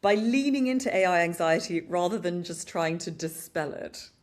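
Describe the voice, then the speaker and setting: A woman's voice: fairly low pitch, moderate pace. A British woman co-hosting a podcast, chatting casually and with animation about advertising, often saying "you know". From Britain. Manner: animated, upbeat commentary with frequent "you know". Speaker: podcast co-host. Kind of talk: casual marketing discussion.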